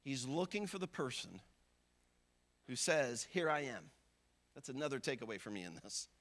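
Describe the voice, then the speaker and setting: A man's voice: medium pitch, big pitch swings, moderate pace, a bit bright. A man preaching a sermon as a visiting pastor, talking in a conversational way and acting out the thoughts of everyday people. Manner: conversational preaching, acts out everyday inner voices.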